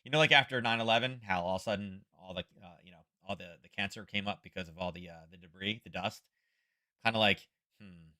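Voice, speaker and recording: A man hosting a trading livestream talks fast in a fairly low, pushed, bright voice, nursing a headache from wildfire smoke. His casual market commentary rambles along, sprinkled with wry asides.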